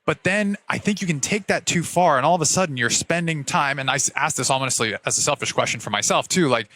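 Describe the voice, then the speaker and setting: A man's voice: a little high, fast, pushed and bright. A man hosting a podcast interview, asking earnest, candid questions. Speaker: podcast host. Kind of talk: conversational interview.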